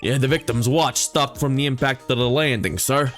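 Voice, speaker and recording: A man voicing a gruff, bumbling male police detective who keeps adding "sir", over faint music. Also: mid-range voice, moderate pace, a bit bright, close to an everyday voice. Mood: earnest.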